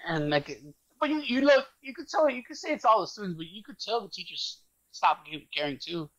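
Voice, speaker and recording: A man's voice: high-pitched, lively intonation, a little fast, a bit bright, no room sound, muffled recording. A man co-hosting a podcast, ranting in casual chat with restarts and casual swearing. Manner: opinionated, rambling with restarts and swearing. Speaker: podcast co-host.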